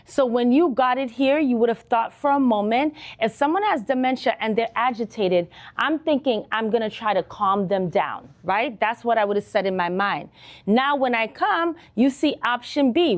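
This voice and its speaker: A woman nursing instructor teaching a live online exam-prep lesson, talking straight to her students and often checking in with "okay?". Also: a little high. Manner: animated, talks to students directly, frequent "okay?" checks.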